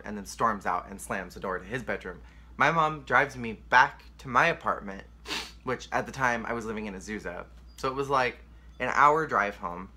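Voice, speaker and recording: A man's voice: medium pitch, sharp tone. A young man candidly telling a painful personal story to the camera, emotional and rambling, with lots of "like.". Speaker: vlogger.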